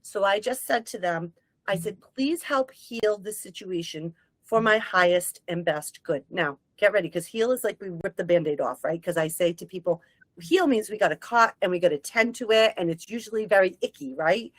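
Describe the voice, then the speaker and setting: A woman, a medium, telling a personal story in casual conversation, emotional and animated, breaking into short sung lines. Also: medium pitch, moderate pace, no room sound, poor audio. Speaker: guest medium.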